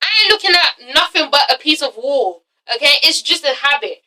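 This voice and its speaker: A high, very bright young woman's voice, heard from a little way off the mic. She talks about a reality show in a casual, emphatic way, swearing freely and tagging lines with "okay?" and "all right?". She acts out quotes with big jumps in pitch. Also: expressive, moderate pace, distant mic, rough recording. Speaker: vlogger reviewing a reality show. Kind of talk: casual vlog review.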